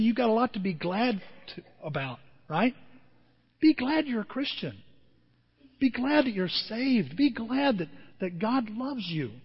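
A pastor, a man with a high, husky voice, preaches in a casual storytelling way and keeps asking the listeners questions. His voice carries a long hall reverb, and the sound is slightly dull. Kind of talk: conversational sermon.

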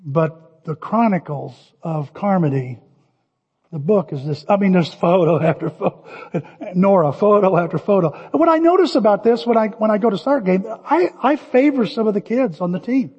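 Older male pastor, high-pitched and husky, animated storyteller, lo-fi recording in a reverberant hall. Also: normal speed. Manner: animated storytelling, shouting cheers in quotes. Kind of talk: sermon. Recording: dull lo-fi audio with long hall reverb.

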